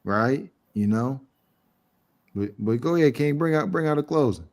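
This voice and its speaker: A man co-hosting a scripture talk calmly, slowing down to read verses. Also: mid-range voice. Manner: calm, slow and deliberate when reading verses. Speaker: co-host of a scripture show. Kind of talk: casual religious discussion.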